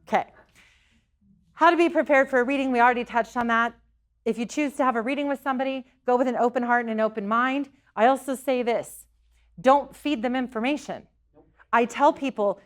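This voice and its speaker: A woman's voice: on the high side, brisk. Earnest woman telling stories to a group. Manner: earnest, storytelling, repeats herself at times. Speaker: psychic medium giving a talk. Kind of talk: live talk to a local group.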